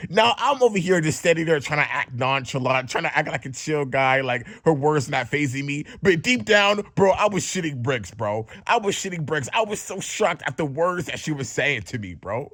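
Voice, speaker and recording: A young man telling a casual storytime in an animated, slangy way, often saying bro. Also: on the high side, moderate pace, no room sound, clean studio sound. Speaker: vlogger.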